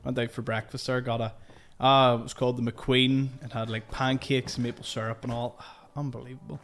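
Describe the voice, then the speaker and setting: A man's voice: mid-range voice, a little hiss or hum. A man giving chatty, joking let's-play commentary. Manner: chatty and jokey. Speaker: gaming youtuber.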